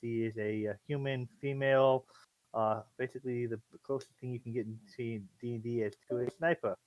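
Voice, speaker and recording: A man's voice: mid-range voice, steady tone, brisk, a little mellow, no room sound, highs cut off. A man acting as dungeon master on an online call, talking in a rambling, hesitant way with many fillers. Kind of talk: casual chat.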